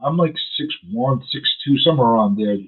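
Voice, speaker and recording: A man's voice: medium pitch, fairly quick, husky. A man hosting a radio show in casual chat, rambling and chatty, chewing gum as he talks. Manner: chatty, rambling, animated when riled up. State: chewing gum while talking. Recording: phone-like narrow sound.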